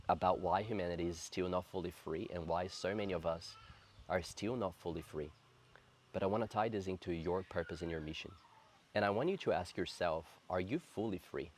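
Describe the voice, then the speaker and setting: Low-voiced earnest man in his thirties. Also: a little mellow, a little hiss or hum. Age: 30s. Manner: earnest, reflective, slow and heartfelt. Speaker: spiritual coach. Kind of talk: personal spiritual storytelling to camera.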